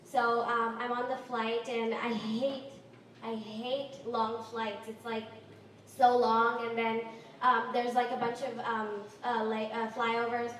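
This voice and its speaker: A woman's voice: a little high, little pitch movement, slow pace, a bit bright. Rambling teen girl telling a stand-up story. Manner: rambling, many likes and ums. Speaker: stand-up performer. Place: open-mic venue. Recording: echoey room from far off.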